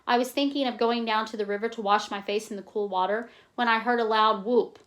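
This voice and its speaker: A woman reading a novel aloud in a plain, steady way, stopping now and then to explain in casual asides. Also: on the high side, fairly quick. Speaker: reader.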